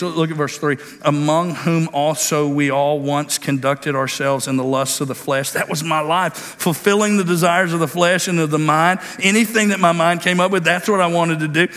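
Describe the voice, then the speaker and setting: Folksy preacher in a reverberant hall. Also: male voice, a little high, fairly quick, fairly bright tone. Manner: folksy storytelling with many fillers and restarts. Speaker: pastor. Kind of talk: sermon with personal story.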